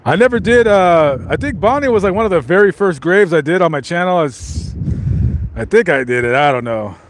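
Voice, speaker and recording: A man's voice: sits high, expressive, fairly quick, noisy background. A man casually chatting to his live stream viewers while walking around, rambling with lots of fillers and restarts. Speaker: vlogger reading live chat.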